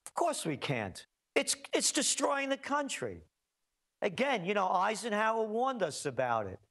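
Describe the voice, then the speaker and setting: A man ranting as an interview guest, his pitch swinging widely from one phrase to the next. He piles up rhetorical questions and hammers his points home with heated emphasis. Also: huge pitch swings, measured pace, fairly bright tone. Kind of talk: heated political commentary.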